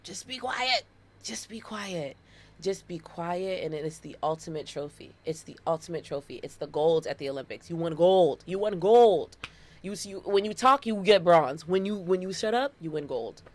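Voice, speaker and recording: A woman in her thirties hosts a solo podcast in a loose, animated way, driving her points home by repeating them. Her voice sits a little low for a woman. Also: brisk, hardly any pauses. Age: 30s. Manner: animated and playful, with dramatic repetitions. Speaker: podcast host. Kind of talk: casual solo podcast monologue.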